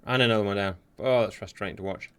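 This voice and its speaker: Excitable man commenting on a war game. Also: lowish voice, fast talker. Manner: excitable, sarcastic, talks to viewers. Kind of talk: live gameplay commentary. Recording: steady hiss behind the voice.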